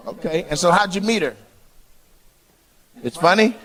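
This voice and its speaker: A man's voice: high voice, normal speed, fairly bright tone, a little hiss or hum. A male stand-up comedian doing crowd work on a club stage, brash and teasing, often laughing as he talks. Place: comedy club stage before a live audience. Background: audience laughter and clapping.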